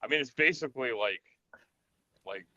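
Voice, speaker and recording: A man's voice: mid-range voice, animated, normal speed, bright, forceful tone, no room sound. A man chatting casually as a guest, rambling with many restarts. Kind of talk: casual chat. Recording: dull dry lo-fi sound.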